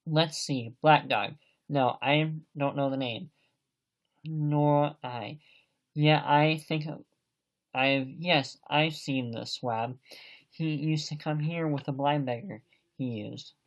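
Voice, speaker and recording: A man reading aloud as a crafty, blustering one-legged tavern landlord in an audiobook, speaking loudly and sternly. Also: fairly high pitch, takes it slowly, highs cut off. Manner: loud, stern scolding.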